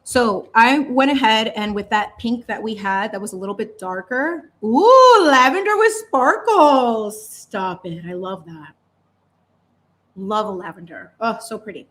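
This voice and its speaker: A young adult woman chats in a loose, expressive way while she paints on a live stream. She laughs often and drags out words for emphasis, moving between warm thanks to her viewers and heartfelt talk. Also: medium pitch, moderate pace. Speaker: painting livestream host. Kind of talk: casual chat while painting.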